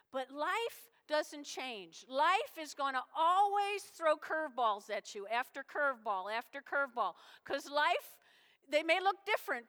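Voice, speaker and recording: A woman pastor preaching a sermon in a lively, folksy way, slipping into little acted-out voices. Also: high-pitched, in a large hall.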